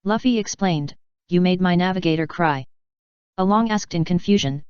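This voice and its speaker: Flat, smooth-voiced woman audiobook reader. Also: on the low side, normal speed, no room sound. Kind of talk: flat scripted narration. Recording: dull, lo-fi dry sound.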